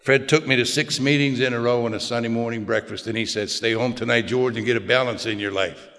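An older man telling a plainspoken personal recovery story to a group, in a folksy way with quiet low asides. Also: steady tone, fast talker. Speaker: recovery speaker. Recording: long hall reverb.

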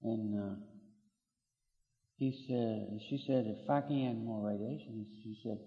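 A man's voice: medium pitch, normal speed. An older man, telling his own story to a group in a folksy, plainspoken way with mild cursing. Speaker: speaker sharing his story. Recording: echoey hall, audience laughter far off.

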